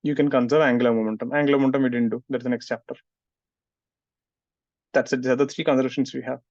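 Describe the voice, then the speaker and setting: A man's voice: medium pitch, flat delivery, fast talker, a little mellow, no room sound. A male physics teacher, lecturing a class and scolding students who don't listen. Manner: scolds students, asks "getting it?" often. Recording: muffled, dry sound.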